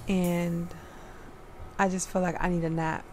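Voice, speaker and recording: A young woman vlogger chatting casually and softly, drained and out of breath, full of "like"s. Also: on the low side, flat delivery, unhurried. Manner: soft, tired, filler-heavy talk. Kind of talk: casual vlog chat. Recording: music playing behind.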